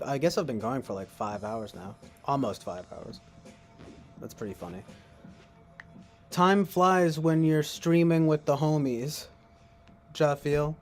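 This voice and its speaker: A young man with a medium-pitched, slightly mellow voice streams from his couch at home. His late-night chatter rambles along, full of profane jokes, frequent laughter and silly improvised raps.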